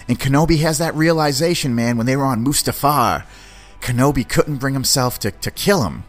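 A man hosting a podcast, giving an excited, slangy, rambling review of a series. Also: medium pitch, fairly quick, soft background music. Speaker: podcast host. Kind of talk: casual film review.

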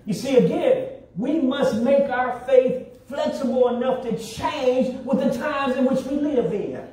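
A man preaching a sermon in a church, with call-and-response and drawn-out emphasis. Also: very high-pitched, dark tone. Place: church sanctuary. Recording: very echoey hall, distant mic.

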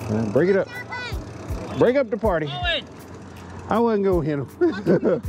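A man's voice: high-pitched, very animated, measured pace, background noise. Joking man vlogging from a bike. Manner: joking, self-mocking, loose slang. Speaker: moto vlogger. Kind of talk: casual ride vlog. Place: outdoors riding an e-bike on a greenway. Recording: music playing under outdoor ride audio. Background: background music.

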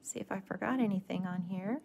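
A middle-aged woman teaching a watercolor stamping technique in a live craft demonstration, talking in a relaxed, gently instructive way and often restarting her sentences. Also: medium pitch, a little fast, vocal fry, slight background noise.

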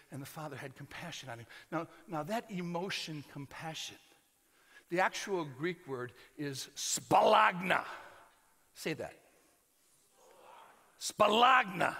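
An American man preaches with a high, bright voice that carries through a large hall with long reverb. He swings from loud proclamation down to hushed, almost whispered lines. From United States. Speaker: pastor. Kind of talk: sermon.

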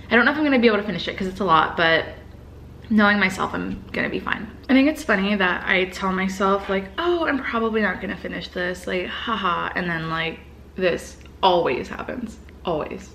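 A woman vlogs straight to a compact camera, chatty and gushing, her speech full of "like." Her voice sits at an ordinary middle pitch. A faint hiss of background noise runs under it. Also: fairly bright tone. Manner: chatty and gushing, heavy use of "like". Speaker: vlogger. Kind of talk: casual vlog talk to camera. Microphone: built-in compact camera mic.

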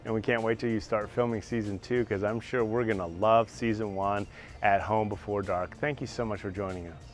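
A man's voice: on the low side, steady tone, brisk, faint music behind. A man hosting an interview, upbeat and enthusiastic toward his guests. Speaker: interview host.

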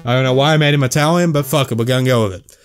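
A man's voice: mid-range voice, very fast, soft background music. A young man commentating a video game, who reads the inner thoughts in choppy broken grammar and swears casually while joking. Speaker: gamer playing and reading a game. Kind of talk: let's play commentary.

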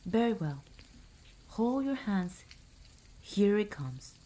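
A woman's voice: fairly low pitch, a little slow, mellow. A woman voicing a tiny, bold, mischievous boy in a whispered role-play, eager and impish. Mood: cheeky.

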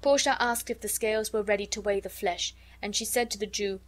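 A woman reading a classic story aloud as an audiobook narrator, in an even, measured way. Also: medium pitch.

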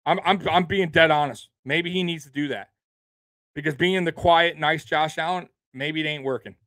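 A man's voice: fairly high pitch, a bit bright, dry recording, studio quality. Profane, fired-up male sports ranter. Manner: profane, emphatic, repeats himself. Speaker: sports show host. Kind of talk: heated sports rant.

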